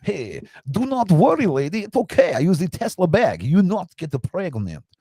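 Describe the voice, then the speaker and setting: A smug, coaxing billionaire with an odd foreign accent, put on by a man, pitched high and loud. He reassures in broken English with a slick, salesman push. The sound is dry and close. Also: huge pitch swings, moderate pace, husky, dry recording, heavily acted.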